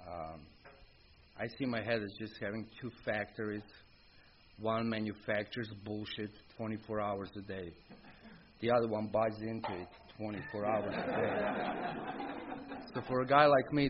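Man giving a recovery testimony. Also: medium pitch. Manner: storytelling, acts out quoted exchanges with rising excitement; frequent hesitant ums, quiet reflective pauses. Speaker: recovery speaker. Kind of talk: personal testimony to a group. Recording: dull lo-fi recording with faint background hiss.

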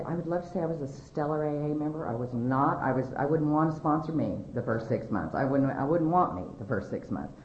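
Low-voiced woman in an echoey hall. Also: a little mellow, a little hiss or hum. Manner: candid, self-mocking storytelling with frequent laughter. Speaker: recovery meeting speaker. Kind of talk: personal testimony talk. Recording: echoey, dull lo-fi room recording.

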